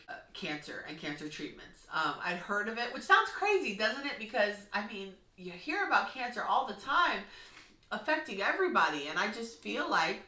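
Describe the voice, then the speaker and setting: A woman's voice: mid-range voice, pushed and bright. A woman giving an emotional, rambling personal tribute, laughing through tears. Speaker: vlogger. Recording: echoey room.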